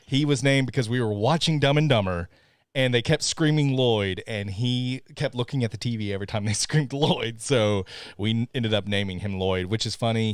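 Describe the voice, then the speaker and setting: A man's voice: lowish voice, no room sound. A man co-hosting a live podcast stream, chatting casually with plenty of laughter. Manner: playful, laughs often, talks to his dogs. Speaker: podcast co-host.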